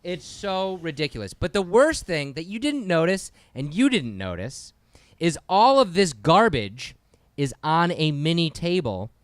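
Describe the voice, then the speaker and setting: A man's voice: a little high, big pitch swings, measured pace, no room sound. A man co-hosting a casual podcast, ranting in an exasperated, swearing way. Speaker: podcast co-host. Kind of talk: casual comedic rant.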